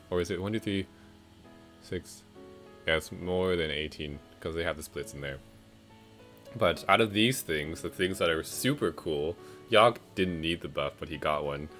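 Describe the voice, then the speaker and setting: With a bass voice that sounds pushed and bright, a man rambles through casual commentary on game updates, using lots of fillers and correcting himself. He's at home, with music playing in the background.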